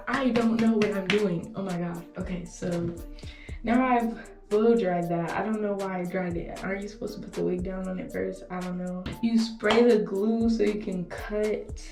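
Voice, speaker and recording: A young woman with a medium-pitched voice vlogs casually at home, talking to the camera as she works, chatty and a little nervous, swearing and laughing to herself. The indoor room is echoey, she sits away from the mic, and music plays in the background.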